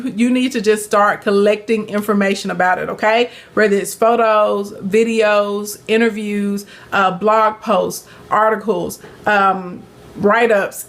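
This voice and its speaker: A woman with a Southern US accent hosting a casual live business Q&A, chatty and upbeat, greeting viewers by name and calling them honey. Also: mid-range voice. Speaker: live-stream business coach.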